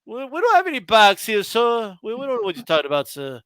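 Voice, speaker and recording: A man's voice: high-pitched, huge pitch swings, quick pace, bright, forceful tone, clear, resonant tone, no room sound, clean studio sound, full character voice. A man doing a stubborn mock-foreign hotel clerk. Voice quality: mock foreign accent, formal and repetitive. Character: stern male hotel clerk, stubborn and dismissive.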